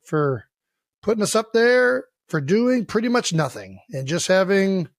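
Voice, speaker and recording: A man from Ohio co-hosting a podcast in loud, joking, profane banter. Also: high voice, big pitch swings, a little slow, dry recording, clean studio sound. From Cleveland Heights, Ohio. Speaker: podcast co-host.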